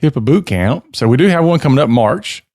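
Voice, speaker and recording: A man's voice: mid-range voice, lively intonation, brisk, a little mellow, dry recording, studio quality. A man hosting a podcast in casual chat, joking and laughing often. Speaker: podcast host.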